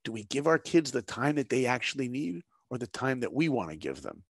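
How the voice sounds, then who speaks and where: This is a middle-aged man sharing stories as a guest in conversation. He has a gravelly, mid-range voice and speaks with earnest, preacher-like conviction, often pausing on rhetorical questions. The sound is close and dry, with no room behind it. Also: medium pitch, sing-song, dry recording. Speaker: guest, animation director. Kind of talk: dramatic storytelling in conversation.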